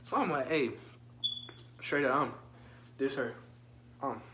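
A man's voice: medium pitch, takes it slowly, noisy background. A young man telling a profane, slangy story in a casual vlog and joking directly with his viewers. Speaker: storytime vlogger.

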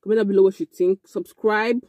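A young woman telling a casual storytime, animated and excitable, with frequent exclamations. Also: medium pitch, brisk, no echo. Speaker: vlogger.

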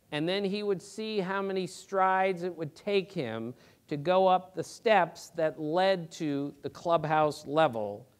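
A middle-aged man, a sports reporter, telling lively anecdotes to a theater audience in quick, emphatic bursts. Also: fairly high pitch. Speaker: sports reporter giving a talk. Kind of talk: anecdotal storytelling presentation. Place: theater auditorium.

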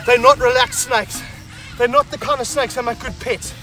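A man presenting a wildlife vlog while handling snakes, out of breath and excited. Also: extremely high pitch, moderate pace. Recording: music bed under the voice.

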